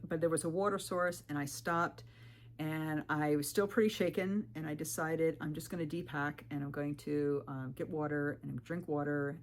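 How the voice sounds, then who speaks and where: A woman thru-hiker telling a story to camera. She talks candidly and emphatically, warning viewers, and acts out what people said with "I'm like". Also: deep voice. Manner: animated, retells talk with 'I'm like' quotes. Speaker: thru-hiker video creator.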